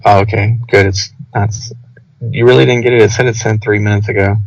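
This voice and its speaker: A young man telling a rambling, animated story over casual podcast chat, full of filler words. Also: fairly low pitch, brisk, vocal fry. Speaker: podcast co-host. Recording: dull lo-fi audio.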